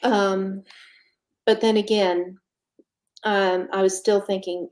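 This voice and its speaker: A woman telling her own story as an interview guest, candid and matter-of-fact, pausing often and filling gaps with ums. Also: mid-range voice, little pitch movement, a little mellow. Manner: halting, with frequent pauses and fillers. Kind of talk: casual conversational storytelling.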